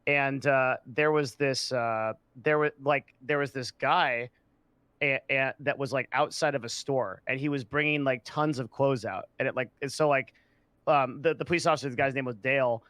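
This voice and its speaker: A man's voice: medium pitch, fairly even intonation, normal speed, a bit bright, dry recording. A man from the San Diego area telling a story in casual chat, swearing often and filling gaps with "like" and "um". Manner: swearing storyteller, many fillers. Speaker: podcast guest.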